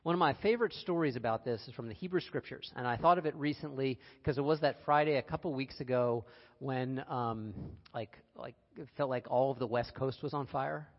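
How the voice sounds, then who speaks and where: A man gives an earnest, personal sermon in a conversational tone, with the odd wry aside. His voice sits at an ordinary middle pitch. The recording is a little dull and carries the long reverb of a large hall. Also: brisk. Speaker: speaker giving a reflective talk.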